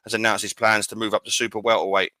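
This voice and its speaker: Brief: male podcast co-host, fast, bright edge, dry close sound, chatty with frequent restarts. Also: fairly low pitch, flat delivery, dry recording. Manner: rapid, stumbling restarts. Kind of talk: casual sports chat.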